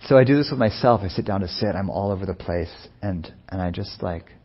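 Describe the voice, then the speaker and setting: A man speaking as a meditation teacher in a soft-spoken, unhurried, musing way, with many pauses. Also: sits low, husky, dull audio. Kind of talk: reflective dharma talk.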